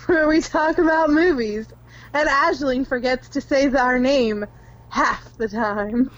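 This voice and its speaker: A young woman with a fairly high voice chats and giggles her way through co-hosting a film podcast. The recording sounds a little dull and lo-fi. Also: takes it slowly. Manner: giggly, chatty, reads out film facts. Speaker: podcast co-host. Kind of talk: casual chat.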